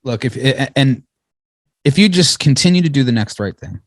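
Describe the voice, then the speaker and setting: A man's voice: mid-range voice, expressive, moderate pace, no echo. A man talking as a podcast guest, rambling and swearing freely, laughing often. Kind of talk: casual podcast conversation.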